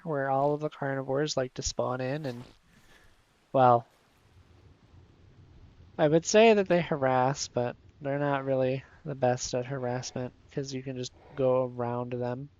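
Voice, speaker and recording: A man's voice: mid-range voice, steady tone, unhurried, a little mellow, clean tone, dry recording, dull audio. A man casually commenting on his gameplay, playful and a bit sleepy, chatting to his viewers and the creatures on screen. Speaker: streamer.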